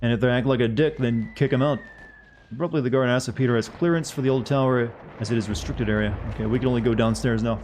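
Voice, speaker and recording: A man's voice: medium pitch, steady tone, fast talker, darkish tone, slight background noise. A man streaming a game live, who reads on-screen text aloud and makes casual joking asides to his viewers. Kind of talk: live-streamed gameplay commentary.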